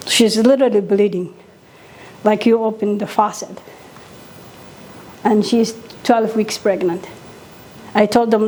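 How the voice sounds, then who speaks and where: A middle-aged woman from Somalia speaks English in a fairly high voice. She delivers an emphatic conference talk as a physician, hammering home her points by repeating them. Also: slow, long pauses, darkish tone. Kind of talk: impassioned conference speech.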